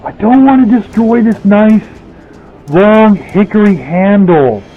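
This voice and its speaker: Man, slightly high voice, drawling, rambling workshop talk; thin phone-like sound with faint music behind. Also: slow. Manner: rambling, thinking aloud. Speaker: blacksmith vlogger. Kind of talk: casual workshop commentary. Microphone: headset.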